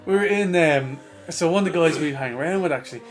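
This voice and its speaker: A Dublin Irish man on a podcast, telling a rambling pub story full of swearing and acted-out quotes. His voice sits a little high for a man, with faint music playing under the chat. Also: fast. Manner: animated, profane storyteller acting out voices.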